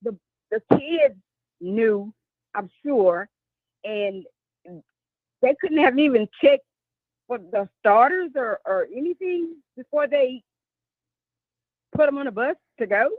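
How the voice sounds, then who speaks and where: A female caller talks slowly and deliberately over a muffled, phone-like line. Her voice sits fairly high, and her speech has some hesitant pauses. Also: animated, no echo. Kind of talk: call-in comment.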